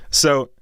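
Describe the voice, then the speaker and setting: Excitable young man chatting on a stream. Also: dry recording, studio quality. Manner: excitable, rambling, laughs often. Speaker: musician livestream host. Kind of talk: casual livestream chat. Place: home music studio.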